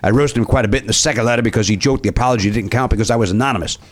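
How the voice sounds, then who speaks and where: Man doing a Cajun accent, drawling letter reader, middle pitch, faint hiss. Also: racing, natural voice. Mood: reading letter. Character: Cajun man reading a fan's letter aloud, chatty. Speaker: podcast co-host.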